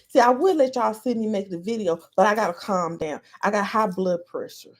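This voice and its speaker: A woman's voice: mid-range voice, a little fast, few pauses. A woman podcast host on a live stream, ranting in a heated, profane way.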